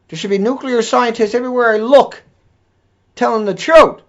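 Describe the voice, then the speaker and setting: High-pitched guy ranting mad and swearing nonstop, muffled lo-fi recording. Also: moderate pace. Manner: furious, profane, repetitive tirade. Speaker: video blogger. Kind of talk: angry ranting monologue. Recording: dull lo-fi recording.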